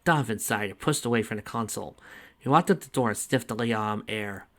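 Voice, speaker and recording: A man's voice: fairly low pitch, a little fast, a bit bright. A man reading fan fiction aloud, breaking off for casual, chatty asides.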